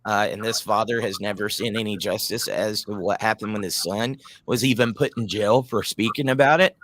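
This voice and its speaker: A man's voice: on the low side, a little fast, fairly bright tone, dry recording. Impassioned man hosting a talk show. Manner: impassioned, addresses listeners as guys.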